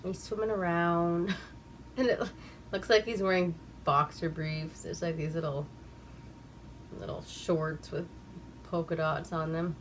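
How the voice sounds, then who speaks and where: A woman's voice: fairly low pitch, fairly even intonation, a little slow, pauses often, a little hiss or hum. A woman giving a rambling, profane, casual recap of an old movie and laughing at herself. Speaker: movie reviewer.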